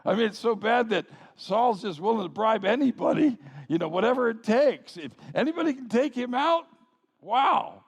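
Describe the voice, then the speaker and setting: A male pastor preaching a sermon with animated, playful asides. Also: very high voice, brisk, vocal fry, few pauses, dull audio. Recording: long reverb of a large hall.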